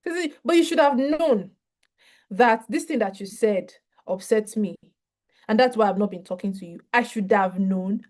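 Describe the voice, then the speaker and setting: A woman giving a mental health training session on a video call, talking in a lively, conversational way and acting out short dialogues. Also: mid-range voice, normal speed. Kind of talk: online training talk.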